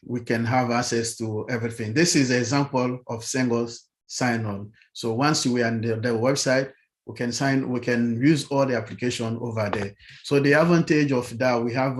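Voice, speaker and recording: A man presenting on a webinar over a video call, halting, with many fillers and restarts. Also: mid-range voice. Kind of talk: online presentation.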